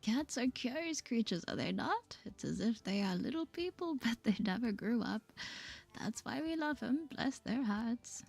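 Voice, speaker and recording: A woman's voice: a little high, animated, normal speed, vocal fry, a little mellow, slightly rough, pitched above the performer's own voice, full character voice. A woman doing a sweet old cat lady, British-tinged whisper. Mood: fond. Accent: slightly British, put on. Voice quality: fond and chatty. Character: sweet elderly woman doting on her cats. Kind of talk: whispered role-play.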